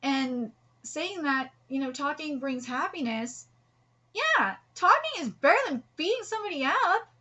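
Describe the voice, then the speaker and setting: Woman host, high bright voice, earnest live reaction commentary with restarts. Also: very animated, measured pace, dull audio. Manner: earnest, heartfelt, rambling with restarts. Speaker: host reacting to a manga chapter.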